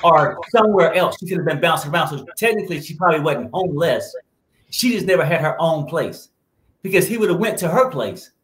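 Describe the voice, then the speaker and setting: Man, co-host, casual chat, opinionated, fairly high pitch, roomy echo. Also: expressive, brisk, fairly bright tone. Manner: opinionated, talks over others.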